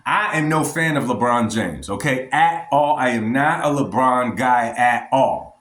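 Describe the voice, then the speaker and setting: A man's voice: mid-range voice, measured pace, fairly bright tone. A man giving blunt, emphatic opinions in a commentary vlog, talking straight to his viewers. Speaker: boxing vlogger. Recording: roomy echo.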